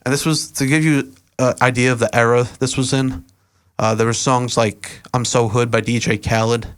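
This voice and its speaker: A young man, a podcast guest, telling stories in a relaxed, rambling way with lots of fillers. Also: medium pitch, moderate pace, clear, resonant tone. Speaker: podcast guest, event organizer and rapper. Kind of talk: casual interview storytelling.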